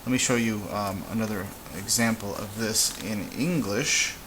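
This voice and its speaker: Male language teacher, relaxed and halting at the board, slightly low voice, light hiss behind. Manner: relaxed, halting, with many fillers and restarts. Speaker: Spanish teacher. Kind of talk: casual whiteboard lesson.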